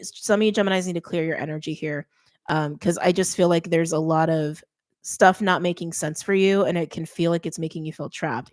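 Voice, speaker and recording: A woman's voice: low-pitched, darkish tone. A young adult woman giving a chatty, emphatic tarot reading, interrupting herself often. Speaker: tarot reader.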